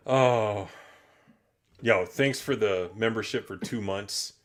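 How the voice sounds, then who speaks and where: A man hosting a loose, opinionated live-stream chat, swearing casually. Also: lowish voice. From United States. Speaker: podcast host.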